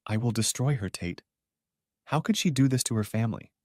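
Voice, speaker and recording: Male reader voicing older mother, chairman type, quiet and menacing; dry. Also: expressive, a little fast, no echo, natural voice. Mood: cold fury. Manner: cold, low, threatening.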